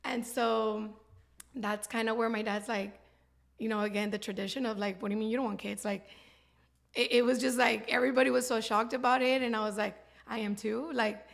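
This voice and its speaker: Woman in her thirties with heavy vocal fry. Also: a little high, steady tone, fairly quick. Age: 30s. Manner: heartfelt, rambling, with frequent laughs. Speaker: guest. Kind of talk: candid personal interview talk.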